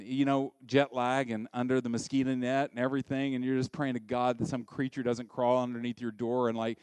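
A middle-aged American pastor preaching a sermon in a lively, conversational way and acting out voices. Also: male voice, mid-range voice, clean tone, no room sound. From United States.

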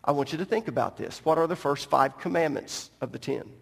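A man's voice: on the high side, animated, brisk, gravelly, breathy edge, in a large hall. A pastor preaching a sermon from the pulpit, teaching emphatically and speaking straight to his congregation. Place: church sanctuary at the pulpit.

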